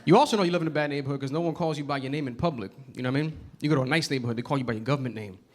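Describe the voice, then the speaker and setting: A man's voice: mid-range voice, rapid-fire, a little mellow. A man from the Bronx performing a conversational stand-up set in a comedy club. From the Bronx, New York. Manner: conversational, keeps asking "you know what I mean". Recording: noisy club, audience laughter.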